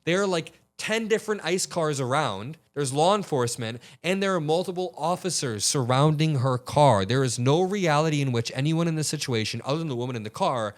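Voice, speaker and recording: A man's voice: fairly high pitch, lively intonation, a little fast, few pauses. A young man hosting a political commentary video, indignant and emphatic.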